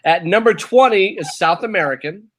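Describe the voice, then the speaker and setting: A man's voice: high-pitched, moderate pace. A man on a casual live show, steadily reading out a ranked countdown between bits of chatter. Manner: steady, announcing list entries between chatter. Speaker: co-host reading a ranked list.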